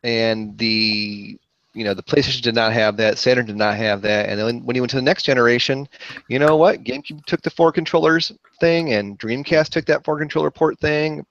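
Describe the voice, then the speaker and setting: A man co-hosting a podcast, talking casually with many pauses and fillers. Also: mid-range voice, fairly bright tone, dry recording. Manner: hesitant, many fillers, trails off. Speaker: podcast co-host. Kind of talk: casual chat. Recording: dull, muffled podcast audio.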